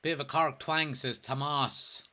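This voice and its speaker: A man's voice: fairly high pitch, fairly even intonation, a little slow, sharp tone. An Irish man hosting a casual football watchalong livestream, joking, swearing and reading viewer comments aloud. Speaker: host.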